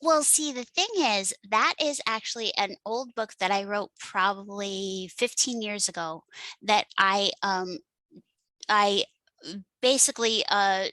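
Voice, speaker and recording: Bright-voiced woman author, rambling chat. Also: medium pitch, a little slow, dry recording, rough recording. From Western New York. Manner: scattered, self-deprecating, many ums and uhs. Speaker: guest author. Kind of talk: casual podcast chat.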